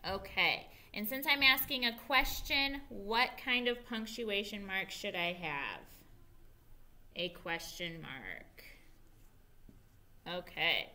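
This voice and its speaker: Bright-voiced woman teaching young readers. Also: medium pitch, animated. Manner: slow, clear spelling aloud and encouraging praise. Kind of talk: early reading lesson for young children. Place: school.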